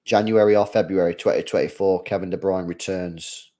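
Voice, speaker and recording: Young man, low voice, casual rambling watchalong commentary. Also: steady tone, slow pace, pauses often, warm tone. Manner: chatty slang-heavy fan talk, rambling with restarts. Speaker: football watchalong host. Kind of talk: casual live match commentary.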